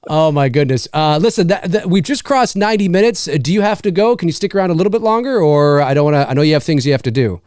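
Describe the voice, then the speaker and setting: A man's voice: a little high, fast talker, few pauses, dry recording, clean studio sound. A man hosting a casual live Q&A, reading viewer questions and chatting about films, laughing easily. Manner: lively, laughs often, reads chat questions aloud. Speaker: host.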